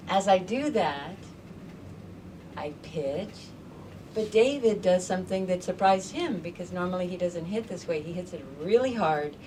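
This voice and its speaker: Lively woman storyteller, slightly low voice. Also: distant mic, slight background noise. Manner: animated, conversational, acts out voices. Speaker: storyteller host. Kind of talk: live personal storytelling. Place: live storytelling event before an audience.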